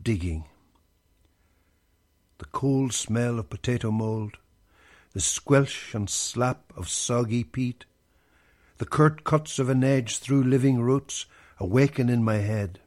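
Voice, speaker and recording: A man reading a poem aloud in a measured, deliberate recitation. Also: medium pitch, a little mellow. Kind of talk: slow poetry reading.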